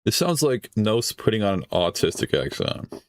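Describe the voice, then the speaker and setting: Low-voiced man rambling in casual commentary. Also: very animated, normal speed, no room sound. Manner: rambling, swears often, laughs mid-sentence. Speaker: streamer host reacting to a video.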